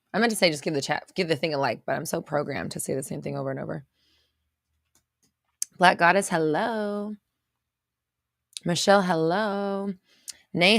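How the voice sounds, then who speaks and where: Gravelly-voiced woman chatting on a livestream. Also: fairly low pitch, a bit bright, no echo, studio quality. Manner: chatty, reads out viewer comments. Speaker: livestream host. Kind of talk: casual livestream chat greeting viewers.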